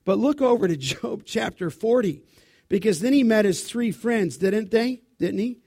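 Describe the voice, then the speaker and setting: A high-voiced man preaching in church. He quizzes his listeners and fills in the answers himself, then lifts into loud, dramatic scripture reading. The recording is close and dry, with almost no room sound. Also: animated, normal speed, no room sound. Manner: asks the congregation questions and answers them; dramatic Bible reading, rising loud for quotes. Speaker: pastor. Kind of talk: sermon.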